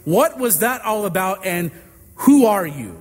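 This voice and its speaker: A man's voice: sits high, big pitch swings, measured pace, voice pushed up, heavily acted. A man acting out an angry young male executive who fires indignant questions at a kid, heard with long reverb.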